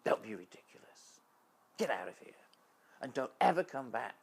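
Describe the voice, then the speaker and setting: A man voicing a furious middle-aged female doctor, shrill, scolding and dismissive. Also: big pitch swings, normal speed, vocal fry.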